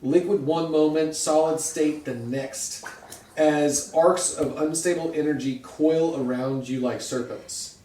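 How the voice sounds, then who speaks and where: A man running a tabletop role-playing game as game master, narrating scenes dramatically and slowing down for effect. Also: on the high side, fairly even intonation, dark tone, distant mic. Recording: roomy sound from off-mic, faint hiss.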